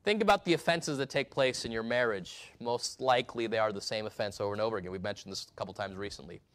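A male pastor preaching a sermon, emphatic, swinging between loud and hushed delivery. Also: fairly low pitch, fast.

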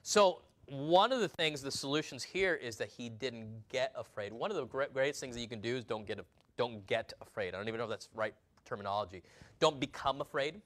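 A man preaching a sermon, swinging from quiet, stumbling asides to loud, slow declarations, often repeating words. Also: medium pitch, expressive. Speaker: pastor.

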